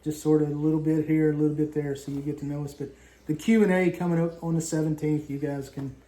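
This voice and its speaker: A man's voice: on the high side, little pitch movement, fast talker, mellow, reverberant. A man in his fifties from southern West Virginia, chatting casually on a vlog in a rambling, folksy storytelling way. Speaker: vlog co-host. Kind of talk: casual chat.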